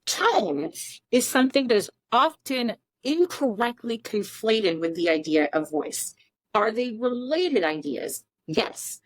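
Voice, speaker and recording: Emphatic teacherly woman, fairly high voice. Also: big pitch swings, takes it slowly, no echo. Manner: emphatic, teacherly, asks rhetorical questions. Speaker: podcast co-host. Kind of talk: explanatory podcast talk.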